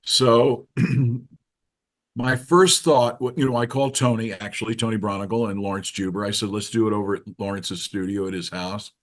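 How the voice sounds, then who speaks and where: A man's voice: lowish voice, steady tone, normal speed. A man guest in an interview, telling a story casually and acting out the quoted voices. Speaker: interview guest, keyboard musician.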